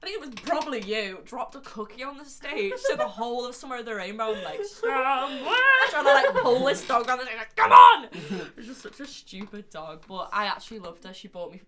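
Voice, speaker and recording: A young woman tells funny stories on a podcast, laughing between lines. Her fairly high voice swings widely in pitch. Crowd chatter hums in the background. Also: expressive, fast, few pauses. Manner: chatty storyteller, laughs often. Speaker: podcast co-host. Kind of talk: casual chat.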